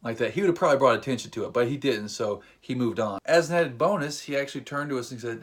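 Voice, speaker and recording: A young man telling a funny personal story to camera in a casual, animated, self-deprecating way. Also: mid-range voice, fast, few pauses. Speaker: vlogger.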